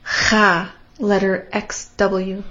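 Woman, slow even delivery, calls out letters, echoes sounds, dull recording. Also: medium pitch, slight background noise. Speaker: co-teacher. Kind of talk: pronunciation lesson.

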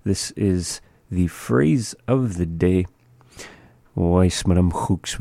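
A man teaching a language lesson, saying each word and then repeating it slowly and patiently for practice. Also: low-pitched, dark tone, no echo, clean studio sound. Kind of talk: slow spoken language lesson.

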